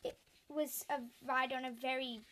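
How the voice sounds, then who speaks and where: A woman with a high, bright voice reads children's picture books aloud. She reads slowly and clearly, with lots of expression. A faint hiss runs under the recording. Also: fairly even intonation. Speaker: storyteller. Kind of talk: reading children's stories aloud.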